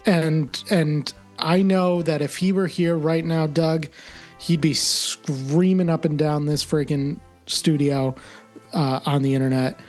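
A man's voice: fairly high pitch, darkish tone. A man on a comedy panel who rambles in mock earnestness and stumbles over his words.

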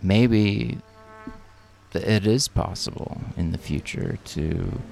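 Deep slow gravelly man. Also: darkish tone. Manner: slow, drawn-out musing. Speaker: podcast co-host. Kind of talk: casual podcast chat.

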